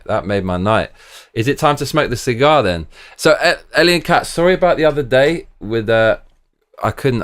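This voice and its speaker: A man hosting a live stream, talking casually and excitably, often trailing off into mumbles. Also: lowish voice. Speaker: livestream host.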